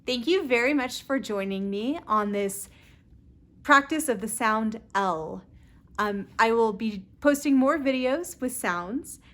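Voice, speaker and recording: A woman with a Southern Californian accent teaching pronunciation, repeating each word slowly and clearly. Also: fairly high pitch, animated, fairly bright tone. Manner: clear, deliberate word repetition. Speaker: pronunciation tutor. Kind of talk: slow pronunciation lesson.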